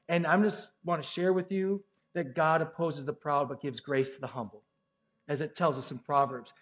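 A man preaching a sermon in a conversational, animated way, with casual asides to the congregation. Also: a little high, normal speed. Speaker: pastor.

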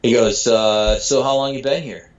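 A man from Michigan telling a casual story with animated delivery, acting out dialogue and swearing freely. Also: medium pitch, normal speed. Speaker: storyteller guest. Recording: dull lo-fi sound.

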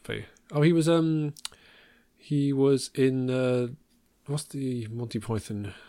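A man's voice: mid-range voice, steady tone, slow, dark tone, dry recording. An English man co-hosting a film podcast in casual chat, dry and joking, often stumbling over restarts. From England. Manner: stammering restarts, dry humour, frequent laughs. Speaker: podcast co-host.

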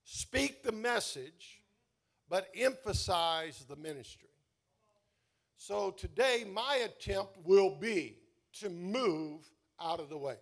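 A man preaching a sermon as pastor, calling on the congregation to respond and swelling loud on key words before dropping soft. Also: sits high, lively intonation, gravelly. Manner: slow, drawn-out emphasis.

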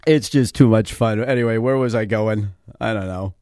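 A man hosts a talk radio show from a radio studio, rambling casually and digressing with lots of fillers and chuckles. His lowish voice has a darkish tone and moderate pace, recorded dry with clean studio sound.

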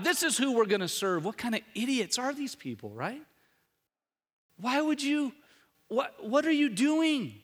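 A male pastor delivers a sermon in a bright, forceful, slightly high voice. He swings between loud rhetorical questions and hushed, intimate passages. His voice carries a long reverb from a large church hall. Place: church sanctuary.

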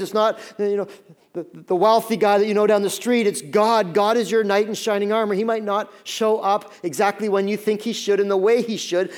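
A pastor preaching to his congregation in a fairly high voice. He pleads with emphasis, then sinks into soft, hushed lines. He is a man in his thirties. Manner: emphatic preaching that swings between loud pleas and soft low passages. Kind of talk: sermon.

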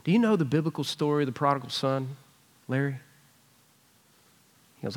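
A man's voice: mid-range voice, measured pace, long pauses. Man, pastor, conversational sermon, earnest storytelling, church. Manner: conversational, earnest, animated retelling. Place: church sanctuary.

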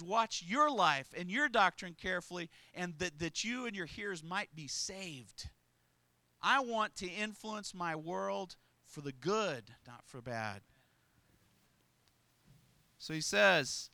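A man's voice: high voice, sharp tone, no echo. A man preaching a sermon with emphasis, asking the congregation rhetorical questions and chuckling between points.

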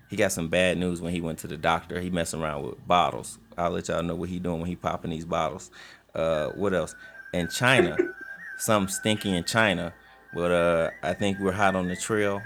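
A man's voice: low-pitched, a bit bright, a little hiss or hum. A man hosting a podcast, bantering loosely and laughing often with his co-hosts. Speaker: podcast host. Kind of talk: casual banter.

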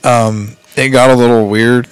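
A man's voice: mid-range voice, little pitch movement, unhurried, clean tone, no room sound. Rambling man recapping a show, dry sound. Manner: rambling, laughs often, quotes characters in voices. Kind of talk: casual chat retelling an anime plot.

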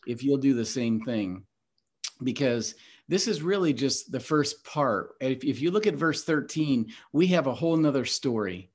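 A man's voice: mid-range voice, a little mellow. A man hosting a Bible teaching podcast, earnest and emphatic in a preacherly way. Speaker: host.

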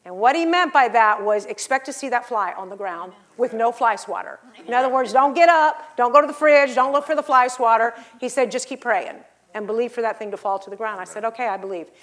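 A woman with a fairly high voice preaches a sermon in middle age. She tells stories and acts out the voices in them, and she pushes the congregation to get louder. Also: brisk. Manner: rising to loud exhortation.

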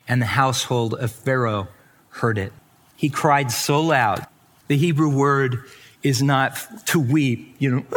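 A man preaching at an unhurried, measured pace, letting his words land one at a time. He acts out the quoted lines with sudden lifts in pitch and stretched words. Then he falls back to a hushed, heavy tone. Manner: slow, deliberate preaching with sudden soft drops. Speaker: pastor. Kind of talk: sermon.

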